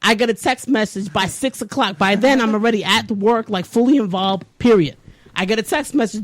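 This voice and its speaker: A woman hosting a casual podcast, telling a story in an animated, profane way and laughing often. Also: medium pitch, brisk, no room sound.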